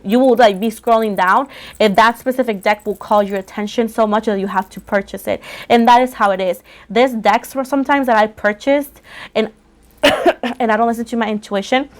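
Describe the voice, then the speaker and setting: A woman casually chatting to viewers as the host of a tarot channel, rambling and often repeating herself, her voice a little rough from coughing. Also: a little high.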